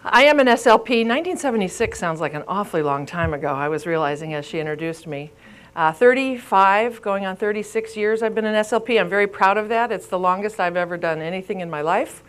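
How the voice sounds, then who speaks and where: A woman's voice: mid-range voice, fast talker. A woman in her fifties, a speech therapist giving a live continuing-education lecture, telling stories and quizzing her audience. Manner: chatty, storytelling, quizzes the audience. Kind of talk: live lecture to a room and online viewers.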